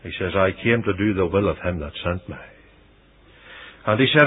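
A man preaching a sermon, voicing scripture dramatically and swinging from loud declarations to hushed asides. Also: deep voice, normal speed, breathy edge. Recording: dull lo-fi radio recording.

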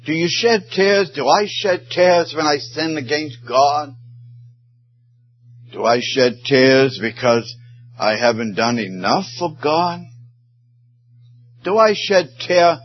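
A man's voice: fairly high pitch, lively intonation, slow pace, pauses often, husky, soft background music. A man preaching a sermon, his voice swelling and falling with emotion. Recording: muffled sermon recording.

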